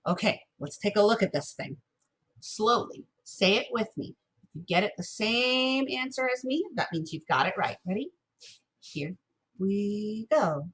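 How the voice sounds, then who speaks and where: Woman music teacher for a recorded class lesson, bright and slightly husky, patient and encouraging. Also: a little high, expressive. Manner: patient, encouraging, chants rhythm syllables slowly.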